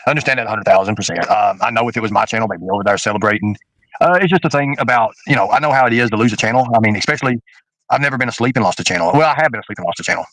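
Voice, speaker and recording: Fast-talking rambling man. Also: on the low side, a bit bright, no echo, rough recording. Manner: rambling, with many fillers and restarts. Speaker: livestream host. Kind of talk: casual livestream chat.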